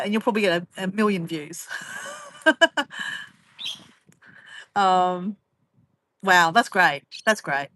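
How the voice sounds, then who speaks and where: Bright-voiced Australian woman, chatty vlogger. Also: on the low side, a little slow, pauses often, a little hiss or hum. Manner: rambling, chatty, laughs often, teasing. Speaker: vlogger reading viewer comments. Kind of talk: casual live chat.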